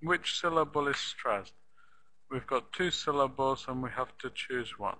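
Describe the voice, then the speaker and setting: A man's voice: mid-range voice, measured pace, pushed and bright, rough recording. A man teaching pronunciation in a live online class, patiently repeating example sentences and asking the students questions.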